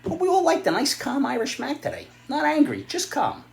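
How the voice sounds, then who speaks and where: A man's voice: very high-pitched, wildly swooping pitch, a little fast, creaky. Middle-aged guy ranting, sarcastic and blunt, voice jumps all over, echoey room. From New York area. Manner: blunt, sarcastic, rising to loud outbursts. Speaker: vlogger giving opinions and advice. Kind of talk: ranting opinion monologue.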